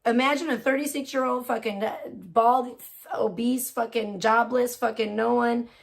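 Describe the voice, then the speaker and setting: A woman's voice: on the high side, steady tone, moderate pace, gravelly. A woman livestreaming, ranting casually with lots of swearing and laughter, mocking someone.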